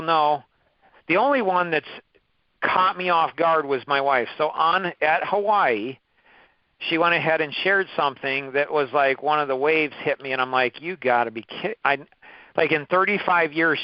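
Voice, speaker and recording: A man's voice: a little high, no echo, highs cut off. A man in his fifties leading a course, telling personal stories in an emphatic, repetitive way, often restarting his phrases. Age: 50s. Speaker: course leader. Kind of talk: motivational talk with personal stories.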